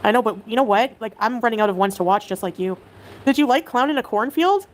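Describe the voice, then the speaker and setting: A woman's voice: a little high, lively intonation, fast. A Canadian woman livestreaming, chattily reading viewer comments aloud and greeting viewers.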